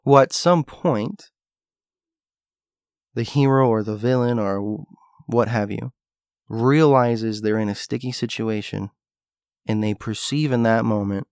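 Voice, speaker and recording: A man's voice: medium pitch, a little slow, dry recording, clean studio sound. A man talking through a rambling, musing monologue, thinking aloud with restarts and asides. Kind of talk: casual monologue.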